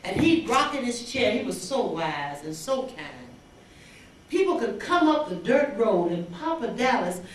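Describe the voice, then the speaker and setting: A woman's voice: on the high side, a little slow, a little hiss or hum. An older woman, from the Mississippi Delta, giving an inspirational banquet speech and acting out the dialogue in her stories. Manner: animated storyteller who acts out dialogue. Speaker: banquet speaker. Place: large banquet hall. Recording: echoey hall recorded from far off.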